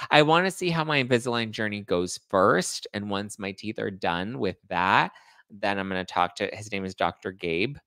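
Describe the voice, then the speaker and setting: A young man chats casually with his livestream audience, reading comments and riffing on them in a rambling, self-deprecating way. His voice sits low with a gravelly edge and a faint lisp, recorded close in a dry space. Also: expressive, moderate pace, a bit bright, dry recording. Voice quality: slight lisp. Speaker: podcast host reading live chat.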